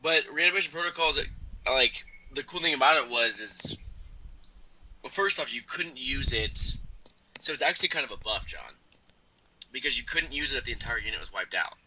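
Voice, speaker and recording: A man's voice: medium pitch, lively intonation, normal speed, pushed and bright, slight background noise, poor audio. A man who hosts a live show, chatting casually and eagerly about tabletop wargame rules, eating as he talks with his mic moved away. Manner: enthusiastic about game rules; eating while talking, mic pulled away. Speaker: show host. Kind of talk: casual gaming chat.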